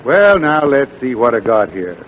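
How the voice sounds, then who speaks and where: A man's voice: medium pitch, very animated, normal speed, over loud music. A man, a comedian hosting a 1940s radio comedy show, drawling in a folksy, homespun way. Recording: muffled old radio broadcast with faint hiss.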